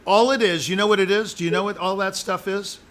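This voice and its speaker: A man's voice: sits high, steady tone, fast, a bit bright. A man giving a musician live spoken feedback as an audition judge, emphatic and jokey, repeating his points.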